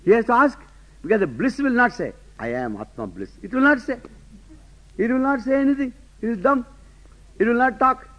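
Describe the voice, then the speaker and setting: A man's voice: very high voice, lively intonation, a little fast, pauses often. A man teaching a lecture class, emphatic, often asking rhetorical questions and laughing to himself. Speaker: Vedanta teacher. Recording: dull lo-fi lecture recording.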